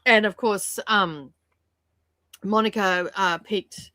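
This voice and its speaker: A woman's voice: medium pitch, slow, pushed and bright, no echo, studio quality. A woman hosting a casual reading livestream, chatty and laughing often, with lots of fillers. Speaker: livestream host. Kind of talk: casual chat with viewers.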